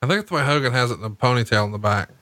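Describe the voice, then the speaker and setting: A man co-hosting a podcast, telling animated, profane stories while commenting on a match. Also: medium pitch, racing, no echo. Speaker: podcast co-host. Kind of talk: casual commentary while watching wrestling.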